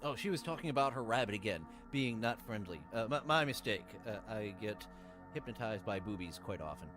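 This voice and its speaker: A man's voice: on the low side, lively intonation, fairly quick, music in the background. A man streamer chatting casually, rambling with many fillers and crude jokes. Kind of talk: casual chat.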